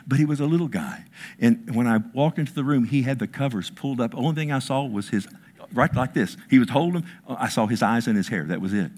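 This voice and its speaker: A man preaching a sermon, telling stories with emphasis, his voice dropping hushed and then rising, with frequent asides like "listen" and "I mean.". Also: medium pitch, animated, fast. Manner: storytelling, emphatic, swings between hushed and raised; repeats "listen" and "I mean" as fillers. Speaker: pastor.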